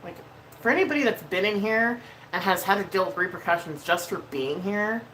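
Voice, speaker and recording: A woman's voice: mid-range voice, a little fast, fairly bright tone, slight background noise, rough recording. Emotional woman venting on a livestream. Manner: emotional, venting, swears freely, laughs often. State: emotional, near tears. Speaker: livestream host. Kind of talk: casual livestream chat while doing makeup.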